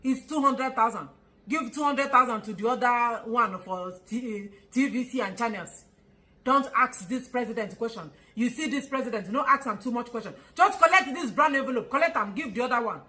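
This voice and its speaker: A woman with a Nigerian accent putting on a sly official who hands out bribe envelopes in a hushed, coaxing voice. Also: on the high side, lively intonation, normal speed, voice pushed down, rough recording.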